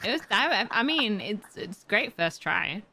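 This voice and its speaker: A woman's voice: mid-range voice, big pitch swings, unhurried. A woman with a British accent chatting casually on stream, playful and teasing, laughing easily. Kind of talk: casual gaming chat. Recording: noisy background hiss.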